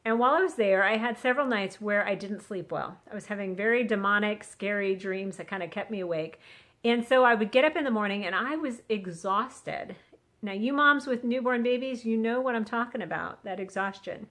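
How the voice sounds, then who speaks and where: A woman's voice: mid-range voice, a little fast, fairly bright tone. A middle-aged woman talking earnestly into a phone on a selfie stick, sharing a casual Christian encouragement. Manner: chatty, earnest, acts out quotes. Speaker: vlogger sharing a devotional.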